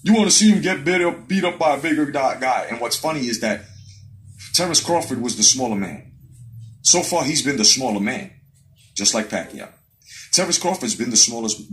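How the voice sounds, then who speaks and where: A man's voice: medium pitch, a bit bright, poor audio. A man hosting a live stream about boxing, ranting in a heated, profane way, swearing constantly and hammering the same points again and again. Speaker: boxing commentary host. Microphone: live-stream webcam mic.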